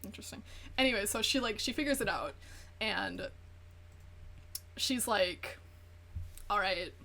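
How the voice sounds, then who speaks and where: A woman's voice: mid-range voice, expressive, a little slow, creaky, bright, forceful tone. A woman streamer chatting casually while gaming, rambling through profane gossip and acting out quotes. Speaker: VTuber streamer.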